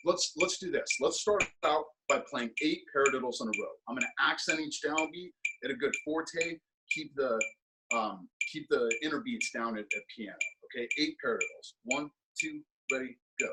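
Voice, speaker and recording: A man teaching percussion in an instructional clinic, counting beats aloud and explaining practice habits in a relaxed, thinking-aloud way full of fillers. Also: medium pitch, moderate pace. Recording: steady ticking and tapping noise under the voice.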